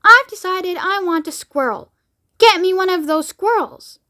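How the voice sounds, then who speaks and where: A woman's voice: very high voice, a little slow, bright, forceful tone, voice pushed up, exaggerated voice. A woman voicing a spoiled, demanding rich young girl with a whiny, insistent tone.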